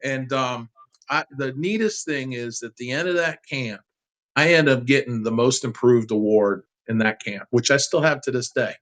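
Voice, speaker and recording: A man in his fifties, a guest on a sports interview, telling a heartfelt childhood story in an animated, casual way. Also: mid-range voice, normal speed, low-quality recording.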